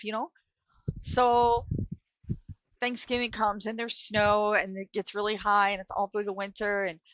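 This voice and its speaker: A middle-aged woman from New York hosting a live stream, telling a story in a blunt, profane, animated way. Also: medium pitch, no echo, rough recording. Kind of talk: casual storytelling.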